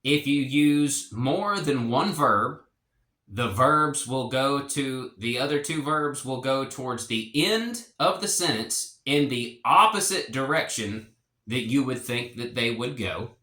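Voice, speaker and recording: A man explaining a language lesson in a relaxed, rambling way, with fillers and restarts. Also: medium pitch, takes it slowly, reverberant. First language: English. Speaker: language teacher.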